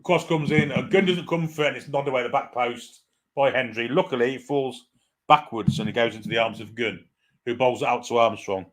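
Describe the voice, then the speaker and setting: A man's voice: mid-range voice, a little fast. A man giving live fan commentary on a football match, irreverent, swearing freely and reading out viewer comments.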